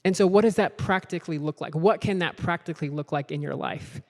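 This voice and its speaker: A man's voice: fairly high pitch, brisk. Earnest man preaching in a reverberant hall. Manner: earnest, repetitive, building to invitations. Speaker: conference speaker. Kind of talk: sermon. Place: large hall with a worship team. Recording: long hall reverb, faint music behind.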